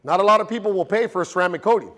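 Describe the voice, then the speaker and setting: A man runs a car detailing class in front of a live group. His voice sits a bit high. He teaches in a loose, joking way, with plenty of stories. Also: very fast, a bit bright, big-room sound. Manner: casual, joking, storytelling.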